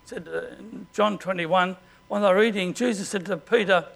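Gravelly high-voiced Australian pastor. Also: male voice, moderate pace, fairly bright tone. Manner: conversational, clears throat often. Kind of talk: sermon.

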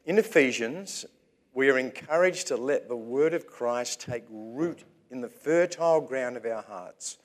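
Slow, measured male preacher. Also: medium pitch. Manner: measured, unhurried preaching with pauses between phrases. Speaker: pastor. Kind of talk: sermon. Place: church.

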